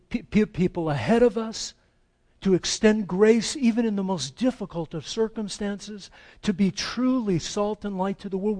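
High-voiced American man preaching. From United States. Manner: dramatic, acts out quoted voices, swings between loud pleading and hushed slow reading. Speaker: pastor. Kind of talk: sermon. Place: church sanctuary.

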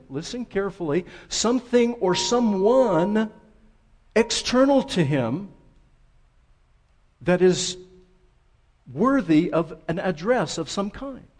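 A man preaching a sermon, telling stories in a conversational, relaxed way. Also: sits high. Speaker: pastor.

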